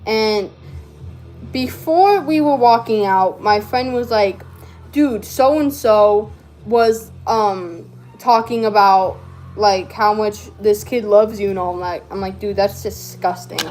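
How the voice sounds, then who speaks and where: A woman's voice: medium pitch, slow, darkish tone, soft background music. A teenage girl telling a rambling, slangy story while crafting, with lots of fillers and laughs. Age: teens. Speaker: vlogger.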